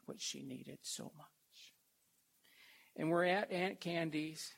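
Slow, gravelly older male preacher. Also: fairly high pitch. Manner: slow, halting, emotional delivery with soft whispered stretches. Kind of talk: sermon with scripture reading.

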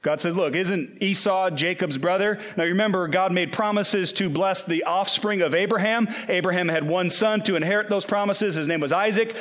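A man preaching a sermon, earnest and emphatic, slowing down to quote scripture. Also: high voice, fairly bright tone.

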